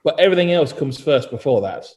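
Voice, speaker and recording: A man talking on a podcast in a fairly high voice, swinging between stories and opinions and acting out other people's lines. His voice carries a long, trailing reverb. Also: fast. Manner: animated storytelling, mimics other people. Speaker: journalist and co-host. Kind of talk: casual podcast chat.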